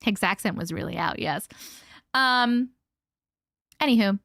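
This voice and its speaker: In a relaxed live stream chat, the Long Island host, a young woman, reads comments aloud while giggling and swearing freely. She speaks a little slowly at medium pitch with a fairly bright tone. The sound is clean studio audio without any room echo.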